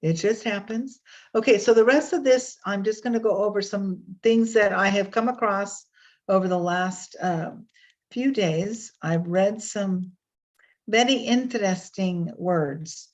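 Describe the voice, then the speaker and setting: A woman's voice: mid-range voice, unhurried. A woman hosting a casual online session, talking in a chatty, meandering way with fillers and restarts over a video call. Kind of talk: casual spoken reflection with readings. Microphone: webcam on a video call. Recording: slightly dull lo-fi audio.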